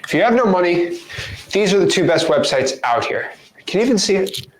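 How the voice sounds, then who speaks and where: A man coaching viewers on real estate wholesaling in an energetic, playful, casual teaching monologue. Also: high voice, fairly quick.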